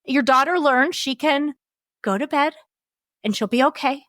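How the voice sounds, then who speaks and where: Co-host: a woman with a higher voice, explanatory and reflective, dry close mic. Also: normal speed, a bit bright, no echo. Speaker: podcast co-host. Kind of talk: conversational podcast discussion.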